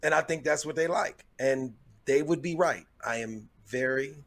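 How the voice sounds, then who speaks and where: On a laid-back podcast, this comedian talks with a medium-pitched, fairly bright voice at a moderate pace. He wanders off topic, keeps correcting and restarting himself, and boasts in a joking way.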